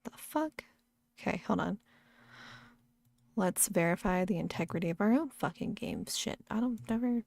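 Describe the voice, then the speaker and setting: Woman, gaming streamer, casual rambling chat, frequent laughs, swearing, fry in voice, dry room. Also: medium pitch, a little mellow, dry recording.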